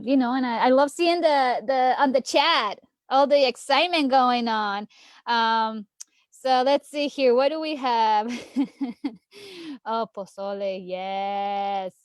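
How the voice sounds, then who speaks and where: A woman in her thirties, a political candidate, chats on a late-night livestream. She laughs often between phrases. Her voice sits a little high and sounds dry and close. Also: dry recording.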